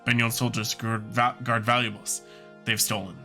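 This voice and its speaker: A man voicing a loyal young male companion in a game, speaking low, steady and matter-of-fact. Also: moderate pace, faint music behind, lightly acted. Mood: calm. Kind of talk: voicing game dialogue on a let's-play.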